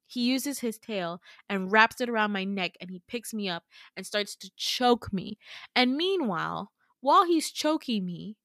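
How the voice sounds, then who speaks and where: A young woman podcast host retelling a dream, casual and animated, swearing freely. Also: medium pitch, a little slow, no echo, studio quality.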